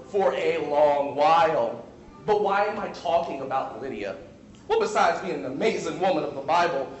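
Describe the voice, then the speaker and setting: A man preaching a sermon in a church, calling on the congregation to repeat words and slipping into colloquial asides. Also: high-pitched. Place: large church hall. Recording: echoey hall.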